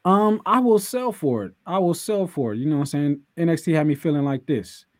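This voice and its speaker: A man co-hosting a casual wrestling podcast, animated and joking as he recaps the show. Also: a little high, a little fast, dry recording. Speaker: podcast co-host.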